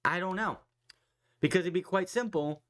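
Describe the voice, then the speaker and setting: A man's voice: high-pitched, moderate pace. Rambling, swearing man recapping wrestling. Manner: excited, rambling, swears freely, acts out quotes. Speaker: podcast host.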